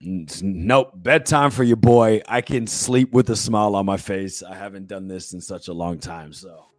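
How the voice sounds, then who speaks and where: A man co-hosting a casual sports podcast, excited and quick, often repeating himself. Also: on the low side, no room sound, clean studio sound. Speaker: podcast co-host.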